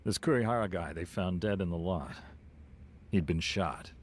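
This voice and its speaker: A grave gang lieutenant. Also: male voice, low-pitched. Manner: calm, measured, grave. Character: serious middle-aged male crime-family lieutenant. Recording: game audio with faint noise.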